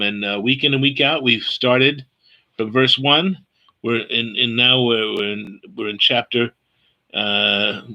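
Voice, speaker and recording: Bright-voiced man leading a Bible study. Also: mid-range voice, poor audio. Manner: hesitant, repeats words, asks for questions.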